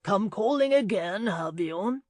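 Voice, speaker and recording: A woman voicing a stern, protective man who speaks flatly and threatens. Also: medium pitch, unhurried, dry recording. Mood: bland. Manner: flat, expressionless, then threatening. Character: protective stern man, guarding his cousin.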